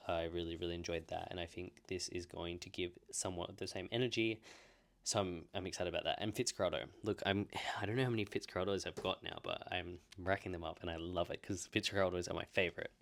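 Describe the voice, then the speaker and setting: A man's voice: sits low, steady tone, fast, gravelly, a bit bright. A young Australian man in his twenties chatting casually and rambling through a book haul, poking fun at himself. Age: 20s. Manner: chatty, rambling, self-mocking. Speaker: book vlogger.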